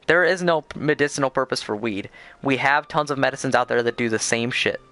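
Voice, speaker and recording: A man's voice: medium pitch, brisk, bright, forceful tone. A man streaming a game, talking casually in a rambling, crude, opinionated way with lots of fillers. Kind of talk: casual chat over gameplay.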